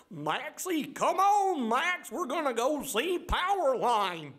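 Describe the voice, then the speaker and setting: A man's voice: extremely high pitch, a bit bright, pitched above the performer's own voice, exaggerated voice. A man voicing a dopey, goofy cartoon dog man in a cartoon voice impression.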